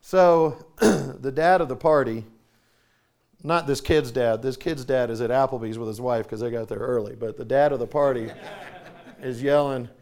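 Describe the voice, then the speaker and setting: A man preaching a sermon in a storytelling manner, often clearing his throat. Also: medium pitch, steady tone, normal speed, darkish tone.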